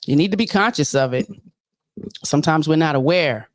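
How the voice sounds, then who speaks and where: There's no echo around this low-voiced woman, who talks at a moderate pace. As host of a relaxed livestream, she preaches with animation and keeps restating her points forcefully.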